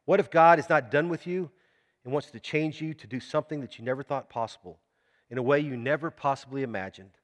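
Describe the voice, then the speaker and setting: A man's voice: medium pitch, fairly quick, big-room sound. A man preaching a sermon in a church, talking conversationally and asking the congregation questions. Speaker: pastor.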